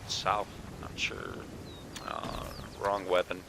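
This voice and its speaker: A man's voice: low voice, big pitch swings, slow, creaky, noisy background. A man hosting a casual gaming chat, swearing freely and calling everyone bro. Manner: profane, laid-back, calls everyone bro. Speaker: channel host, former soldier.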